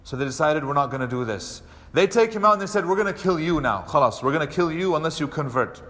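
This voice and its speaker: A man delivers a mosque lecture as a storyteller, his voice sitting a little high for a man. He acts out the characters' lines with animated delivery. The hall around him carries a long, lingering reverb. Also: fast talker. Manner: animated storyteller acting out quoted speech. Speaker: imam.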